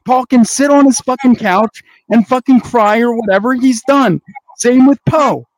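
A man with a strikingly high voice, angry and profane, lecturing someone in a heated on-air argument. The sound is dry and close, with no room around it. He keeps telling the other man to grow up. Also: normal speed, no echo, poor audio. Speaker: network owner.

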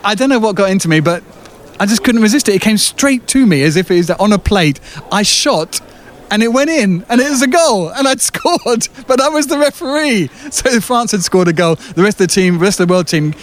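An English man, a sports journalist, telling a lively anecdote outdoors with frequent fillers. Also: high-pitched, brisk. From England. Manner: chatty storyteller, many fillers, lively retelling. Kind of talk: casual anecdote.

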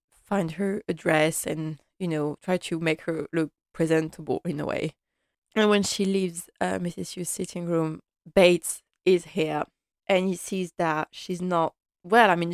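A woman's voice: lowish voice, dry recording, clean studio sound. A woman giving a casual, impassioned and rambling recap of a TV episode.

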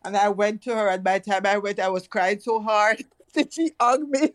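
A middle-aged Jamaican woman in casual chat, telling stories in an animated way and laughing often. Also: mid-range voice, normal speed, no echo. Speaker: guest.

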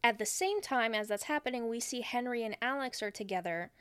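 A woman's voice: a little high, clear, resonant tone, no echo. Young female co-host, walks through the plot scene by scene, dry close mic. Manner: steady storyteller, acts out lines in quick voices. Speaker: podcast co-host recapping a film. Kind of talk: casual chat, retelling a movie plot.

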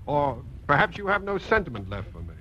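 An actor playing a jealous, quick-witted husband who talks with dry sarcasm, in 1950s radio acting. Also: male voice, fairly high pitch, huge pitch swings, pushed and bright, a little hiss or hum, exaggerated voice. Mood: earnest. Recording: dull lo-fi old radio broadcast.

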